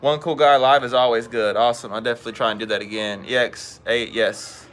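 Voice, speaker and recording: A man's voice: medium pitch, fairly even intonation, fast, fairly bright tone. Chatty man hosting a live stream. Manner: chatty, greets viewers by name. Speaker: fishing livestream host. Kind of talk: casual live-stream chat. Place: outdoors at home.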